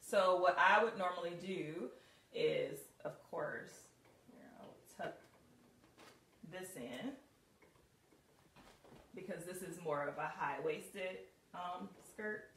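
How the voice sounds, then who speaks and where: Speaking slowly with long pauses, a style coach with a fairly low, fairly bright voice chats through outfit advice in a casual live video, full of laughs and ums. Audio is distant and roomy, with a faint hiss.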